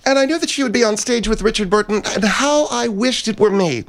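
A man plays a vain older woman singer in a comedy bit, holding forth in a high, pompous voice. She is theatrical and rambling, and sure of her own talent. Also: fairly quick. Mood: haughty. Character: vain, haughty older woman singer, a self-styled diva. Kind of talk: comedy sketch.

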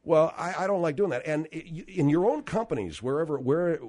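A man's voice: a little high, animated, a little fast, darkish tone. A man hosting a talk show, ranting in a blunt, profane, combative way.

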